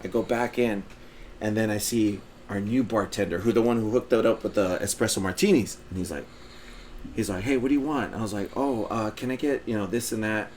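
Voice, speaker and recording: A man's voice: on the low side, brisk, slight background noise. A man co-hosting a podcast, telling a long rambling story in casual chat, acting out what people said and swearing freely. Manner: rambling, animated storyteller who acts out quotes, swears freely. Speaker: podcast co-host.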